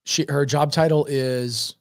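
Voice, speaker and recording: A man's voice: fairly high pitch, fairly even intonation, unhurried, no echo, clean studio sound. A man chatting as a podcast guest, telling stories with energy and emphasis, often repeating words for effect. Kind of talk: casual storytelling chat.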